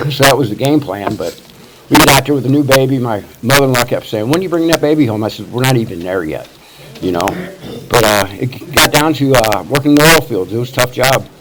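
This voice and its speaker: This is a brisk, mid-range male voice belonging to a Missouri man in his sixties. He's telling his life story at a recovery meeting as loose, profane, rambling testimony peppered with "you know," recorded amid loud background noise.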